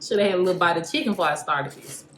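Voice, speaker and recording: A woman's voice: on the low side, racing. Young woman w/ chattin while eating, echoey room. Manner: slangy, laughing, talking while eating. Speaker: host. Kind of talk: casual chat over a meal. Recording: roomy home recording with faint noise.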